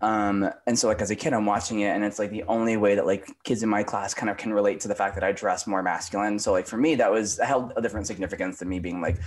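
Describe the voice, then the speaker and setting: A guest actor talking in a casual podcast chat, reflective and chatty with many filler words. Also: male voice, fairly low pitch, steady tone, quick pace, hardly any pauses.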